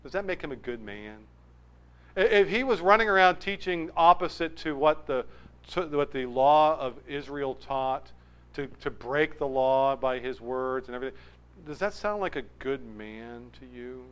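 A man preaching a verse-by-verse sermon, animated, swinging from loud emphasis to low asides. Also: moderate pace, smooth, rough recording. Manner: acts out crowd voices.

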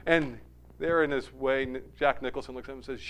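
A male pastor reading scripture and preaching a sermon, telling stories animatedly and building to loud, emphatic peaks. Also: mid-range voice, fairly quick, creaky.

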